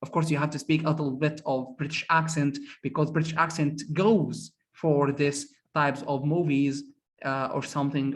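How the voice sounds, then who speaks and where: A man's voice: fairly high pitch, flat delivery, normal speed. Emphatic male teacher. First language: Arabic. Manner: emphatic, repeats words, many "of course"s. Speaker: English conversation teacher. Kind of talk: classroom discussion.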